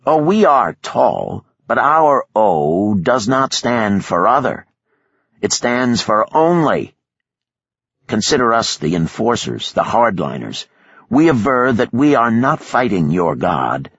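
A man voicing a calm, commanding male kidnapper who speaks formally without contractions. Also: mid-range voice, takes it slowly, slightly rough, dry recording, dull audio, voice pushed up, heavily acted. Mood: cold, commanding.

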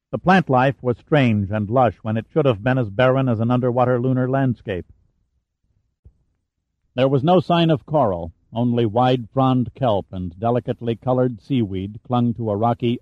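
A man narrating an audiobook in a steady, measured way. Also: medium pitch, no echo, highs cut off. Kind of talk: scripted narration.

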